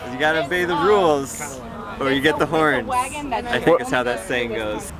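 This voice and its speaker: A man's voice: on the high side, animated, moderate pace, over a noisy crowd. A man playing chaser in a city tag game, telling an amused anecdote outdoors in casual chat.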